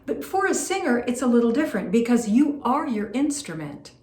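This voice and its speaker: Female vocal teacher, animated and emphatic, recorded with noticeable room echo. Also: on the high side, fairly quick, few pauses. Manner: animated, emphatic, rhetorical "right?" asides. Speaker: vocal coach. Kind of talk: instructional talk to camera. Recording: roomy echo.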